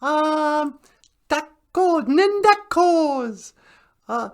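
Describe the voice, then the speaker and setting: A woman's voice: high voice, animated, drawn-out words, fairly bright tone. A woman co-hosting a language podcast, playfully acting out feelings with hammy little sound effects. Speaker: podcast co-host. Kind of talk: playful acted examples.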